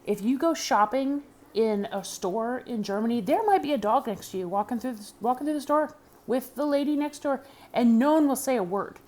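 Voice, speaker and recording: A woman's voice: on the high side, expressive, normal speed, a little mellow. Rambling, chatty American woman vlogging. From United States. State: hot and sweaty. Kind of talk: casual vlog chat. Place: indoors in Germany.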